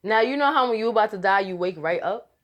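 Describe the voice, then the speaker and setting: A woman's voice: medium pitch, expressive, fast talker, fairly bright tone. A woman telling a rambling, casual story to her viewers, laughing often and restarting her sentences. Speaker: vlogger.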